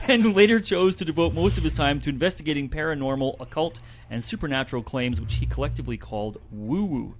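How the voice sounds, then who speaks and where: A man's voice: a little high, fast talker, few pauses. A man co-hosting a community radio show, reading a report aloud with light asides. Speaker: co-host presenting a report.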